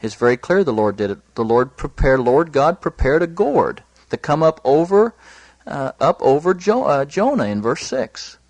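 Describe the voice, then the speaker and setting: A man preaching a sermon, earnest, lifting his voice high when he quotes scripture. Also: sing-song, normal speed, darkish tone, no room sound. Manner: earnest, rising pitch for emphasis, quotes scripture in a raised voice.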